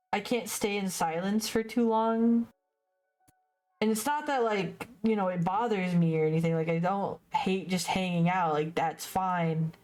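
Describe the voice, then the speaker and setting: A woman's voice: on the low side, a little mellow. A young woman streaming as she paints, chatting in a rambling way and often stumbling over her words. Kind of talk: casual livestream chat while painting. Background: faint music.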